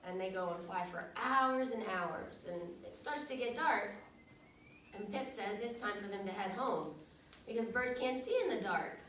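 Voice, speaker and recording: A woman's voice: medium pitch, moderate pace, a bit bright, recorded from a distance, slight background noise. A woman casually retelling a children's picture book in a loose, chatty way. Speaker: storyteller. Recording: echoey room, voice from off-mic.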